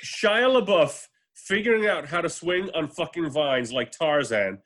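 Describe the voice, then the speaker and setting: A man's voice: a little high, animated, unhurried, fairly bright tone. A man talking casually about films, rambling with many fillers, restarts and casual swearing. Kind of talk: casual chat.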